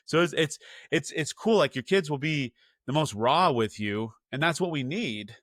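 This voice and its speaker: A man's voice: fairly high pitch, animated, moderate pace, fairly bright tone, no room sound, studio quality. A man hosting a podcast for dads, earnest and advising, with many "like" fillers. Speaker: podcast host, father. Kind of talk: casual interview chat.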